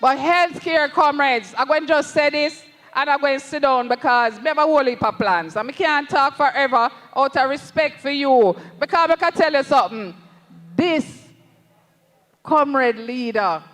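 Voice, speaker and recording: A high-pitched, bright Jamaican voice delivers a fervent campaign rally speech, unhurried and deliberate, dropping into patois as it rallies the comrades. The sound rings with a long reverb through the rally PA. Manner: impassioned, addresses the crowd as comrades, slips into patois. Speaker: political candidate at a rally.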